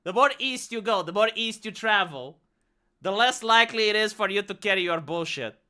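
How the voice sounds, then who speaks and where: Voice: medium pitch, expressive, normal speed, sharp tone. A live streamer from Romania with a Romanian accent, ranting bluntly and with a lot of swearing in a casual livestream chat.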